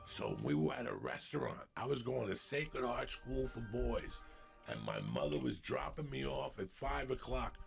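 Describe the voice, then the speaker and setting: Gravelly 50s guy from jersey telling stories on a podcast, swears a lot, music going behind him. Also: medium pitch, moderate pace. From New Jersey, USA. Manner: profane, animated, acts out quotes. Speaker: podcast guest. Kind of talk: casual storytelling on a podcast.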